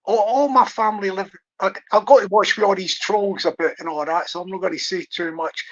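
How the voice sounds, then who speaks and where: A man's voice: high voice, steady tone, a little fast, fairly bright tone. A man hosting a casual livestream, talking in a hesitant, rambling way with many restarts. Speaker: livestream host. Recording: dry lo-fi stream audio.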